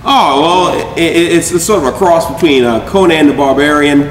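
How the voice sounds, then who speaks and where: A man's voice: fairly high pitch, normal speed, reverberant, big-room sound, distant mic, a little hiss or hum. A man hosting a comedy show, joking and rambling with restarts. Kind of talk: improvised comedy banter.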